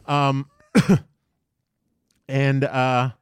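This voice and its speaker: Profane, animated male storyteller. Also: mid-range voice, drawn-out words, smooth, no echo, studio quality. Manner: animated, profane, mimics people in his story. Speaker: podcast host telling a story. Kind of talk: casual storytelling chat.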